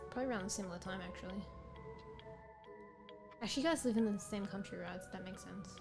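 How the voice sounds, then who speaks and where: A woman's voice: medium pitch, fast, gravelly. A tired woman streamer chatting with her viewers in a rambling, playful way, often correcting herself. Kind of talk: casual chat with viewers. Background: game music.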